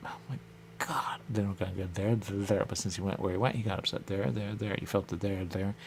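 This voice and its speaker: A man with a very low, gravelly voice drifts through a rambling radio monologue. He circles back to the same phrases over and over in a loose, musing way. A faint hiss of noise sits under his voice. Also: level tone, fast, darkish tone. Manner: loose, repetitive, musing, keeps saying "there you go". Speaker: radio show host.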